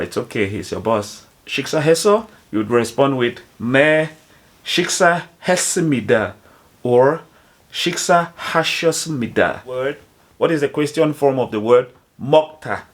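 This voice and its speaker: A man explaining phrases to foreigners in a slow, careful teaching manner, spelling out each example. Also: mid-range voice, noisy background. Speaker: language teacher.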